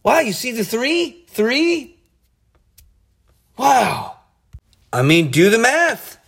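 A man giving an excited, casual Bible study talk, often laughing and restarting his sentences. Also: very high-pitched, slow pace, creaky, slightly rough. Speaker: Bible teacher.

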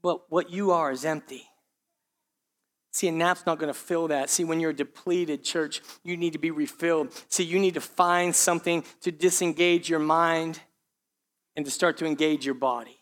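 Male pastor, high-pitched, emphatic sermon delivery with loud and hushed swings. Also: steady tone, moderate pace.

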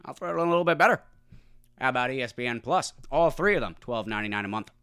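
A man putting on a pushy male salesman voice, high and wheedling like an auctioneer. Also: animated, racing, pushed and bright, clear, resonant tone. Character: pushy fast-talking male salesman pitching bundles.

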